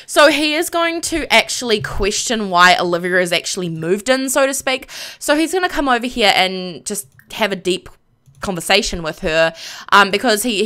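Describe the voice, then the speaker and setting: A woman's voice: fairly high pitch, bright, forceful tone. A young woman streamer casually narrating a life-sim game, bubbly and giggly, with many fillers.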